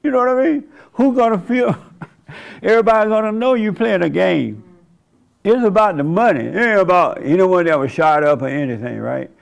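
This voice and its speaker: A man's voice: high voice, animated, moderate pace, creaky. A man in his seventies giving a folksy, conversational sermon monologue as a church host, often laughing and mocking. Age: 70s.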